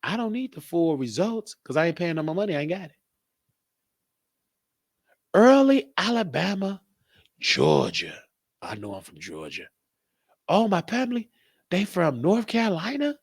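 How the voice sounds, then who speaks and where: A man hosts his own live-stream show in a loose, rambling monologue, cracking jokes and thinking aloud. His voice sits somewhat high and swings widely up and down, and the sound is dry and close. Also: huge pitch swings, moderate pace, pauses often, no echo. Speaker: show host.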